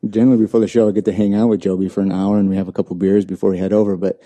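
A man with a very deep, dark and mellow voice chats casually about beer. He rambles along, with plenty of ums and restarts, in a relaxed podcast conversation. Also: racing. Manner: rambling, many fillers and restarts. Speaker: podcast co-host.

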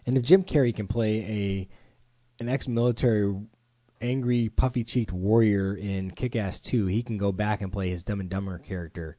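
A man hosting a casual podcast chat in a home studio, animated and playful, acting out quoted voices. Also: fairly low pitch, normal speed, no room sound. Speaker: podcast host.

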